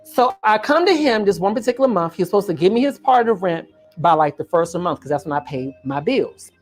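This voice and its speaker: Woman vlogger, casual storytelling, emphatic and expressive, middle pitch, talks straight to camera. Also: fast, soft background music. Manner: expressive, emphatic, addresses viewer directly. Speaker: reaction channel host.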